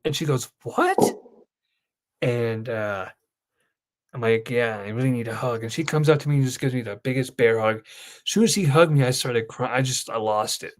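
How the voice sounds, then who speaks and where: A man's voice: mid-range voice, normal speed. A young man hosting his channel, telling an emotional story in a rambling casual way. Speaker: host. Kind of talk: casual chat.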